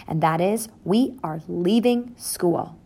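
A bossy mother mouse snaps out orders in a brisk, sharp manner, as a woman reads her. The voice sits low and gravelly. It is a storybook telling. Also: heavily acted. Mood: stern.

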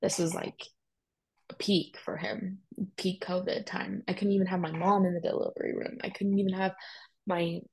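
A woman's voice: on the low side, level tone, moderate pace, creaky, a little mellow, husky, low-quality recording. A young woman telling a personal story in a chatty way, full of "like" and emphatic asides. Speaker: guest sharing a personal story.

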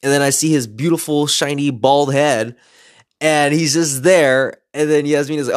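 A man casually telling a story as a podcaster, excited and animated, acting out what people said. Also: on the high side, normal speed, no room sound, studio quality. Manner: excited, animated retelling with quoted voices.

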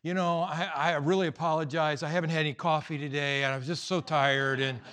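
A man's voice: a little high, steady tone, brisk, a bit bright, smooth, natural voice. A man voicing a tired, fawning man who keeps apologizing. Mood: apologetic. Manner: gushing apologies.

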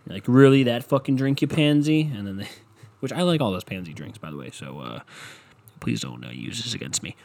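A man's voice: deep voice, huge pitch swings, fairly quick, creaky. A young man hosting a casual solo podcast, ranting with lots of swearing, mocking people and laughing at his own jokes. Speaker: podcast host.

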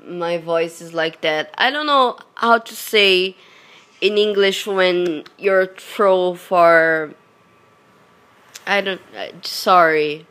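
Hoarse Brazilian woman, slow halting English. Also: lowish voice, a bit bright. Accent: Brazilian Portuguese. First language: Portuguese. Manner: halting, searching for English words. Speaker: vlogger. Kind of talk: casual chat to viewers.

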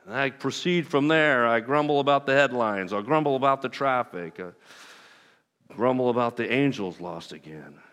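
A man preaching a sermon as pastor, talking to his congregation in a conversational, self-deprecating way with lively asides. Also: mid-range voice, normal speed. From Southern California. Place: church sanctuary. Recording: long reverb of a large hall.

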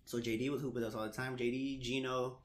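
A young man in casual chat, an animated storyteller who laughs often and swears casually. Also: mid-range voice, fast talker, a little hiss or hum. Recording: echoey room.

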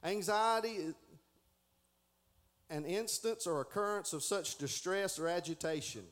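A man's voice: fairly high pitch, moderate pace, a bit bright. A middle-aged man giving a folksy Sunday school lesson, stumbling and restarting as he reads aloud.

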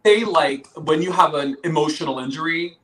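A man's voice: on the high side, moderate pace, fairly bright tone, rough recording. A male author talking as a guest on a podcast, explaining his ideas patiently with analogies. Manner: explanatory, uses metaphors. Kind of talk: casual interview talk.

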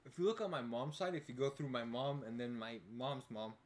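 A man's voice: mid-range voice, expressive, a little fast. A young man from Canada co-hosting a podcast, talking in a laid-back, self-deprecating way. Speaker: podcast co-host. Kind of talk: casual podcast banter. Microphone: studio podcast mics.

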